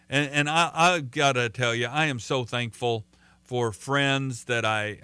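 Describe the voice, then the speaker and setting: Man, preacher, chatty sermon, smooth clear voice, dry close sound. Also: mid-range voice, pushed and bright, dry recording. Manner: conversational, with fillers and repeated words.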